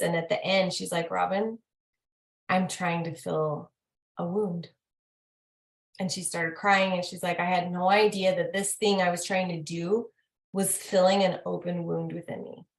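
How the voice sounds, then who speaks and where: A woman hosting a casual talk, chatting in an animated way and quizzing herself with repeated questions. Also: lowish voice. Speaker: host. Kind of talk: casual chat. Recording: roomy echo.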